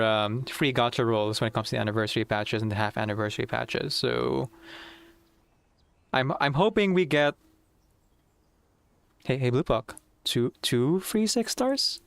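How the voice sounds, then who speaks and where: A man chatting casually while playing through a game story, excitable and rambling with frequent giggles. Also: medium pitch, moderate pace, vocal fry, clear, resonant tone, no room sound. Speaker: game streamer. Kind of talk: casual gameplay commentary.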